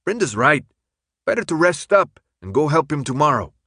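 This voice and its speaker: A man's voice: fairly high pitch, sing-song, moderate pace, bright, forceful tone, slightly rough, no echo, studio quality, voice pushed up, heavily acted. A man doing a wary, street-smart older man.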